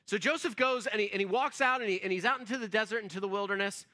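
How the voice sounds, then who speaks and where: Brief: man preaching in church, high and bright voice, chatty storyteller who leans on fillers. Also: quick pace. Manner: conversational storytelling, acts out quotes, frequent fillers. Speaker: pastor. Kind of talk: sermon.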